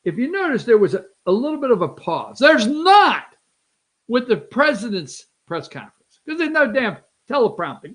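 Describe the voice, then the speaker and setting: A host riffs over video clips in an animated, mocking way, talking straight to the viewers. The voice sits in a middle register and keeps jumping between asides and questions. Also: mid-range voice, moderate pace. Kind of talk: casual commentary over clips.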